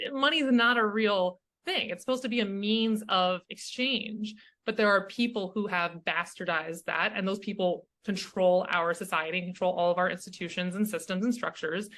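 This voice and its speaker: Bright-voiced woman coach musing earnestly. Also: mid-range voice. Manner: earnest, reflective, often checks in with "right?". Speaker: guest, leadership coach. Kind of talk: casual interview chat.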